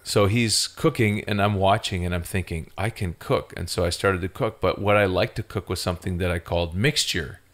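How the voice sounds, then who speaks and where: A man's voice: deep voice, fairly quick, few pauses. A man telling rambling, playful stories in casual chat as a podcast co-host.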